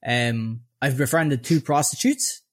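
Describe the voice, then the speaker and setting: A man's voice: mid-range voice, measured pace. Profane, sardonic young Dublin man. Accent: Dublin Irish. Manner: animated, profane, sardonic anecdote-telling with voiced quotes. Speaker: podcast co-host. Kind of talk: casual storytelling chat.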